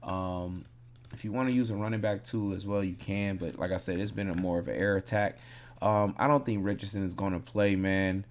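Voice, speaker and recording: In a low voice with a darkish tone, a man goes over fantasy football choices in an easygoing, rambling manner. He reasons aloud and keeps revising what he's just said.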